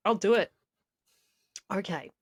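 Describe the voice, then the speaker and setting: She speaks slowly in a medium-pitched, slightly rough voice. She is co-hosting a casual podcast, telling a rambling story in a chatty style and laughing often.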